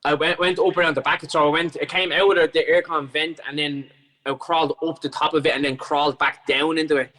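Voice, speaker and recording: Irish male podcast guest, animated and sweary storyteller, bright tone. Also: a little high, fairly quick, poor audio. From Ireland. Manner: animated, sweary, lots of restarts. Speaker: guest fighter. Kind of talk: casual storytelling chat.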